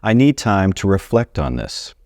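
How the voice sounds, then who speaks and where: A man's voice: low-pitched, sing-song, moderate pace, a little mellow, no echo, clean studio sound. A man teaching a casual video lesson on Spanish grammar, chatty and friendly as he talks straight to his viewers. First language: English.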